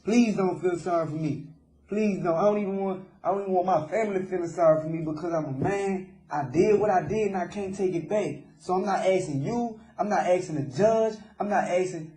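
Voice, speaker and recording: A young man being interviewed in jail as a suspect sounds remorseful and says "sir" to the interviewer again and again. He talks fairly quickly in a high, dark-toned voice, and the sound is reverberant.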